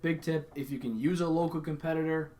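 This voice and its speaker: A man's voice: on the high side, fairly even intonation, brisk, darkish tone. Young adult man, conversational sales coach, acts out sample lines mid-explanation. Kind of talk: casual instructional talk.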